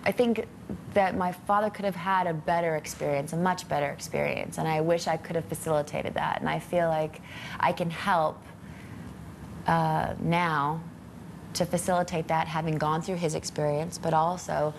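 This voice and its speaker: A woman's voice: low-pitched, steady tone, normal speed, vocal fry. A woman whose father was a patient, speaking thoughtfully in an interview with hesitant fillers. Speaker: daughter of a patient. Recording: noisy background.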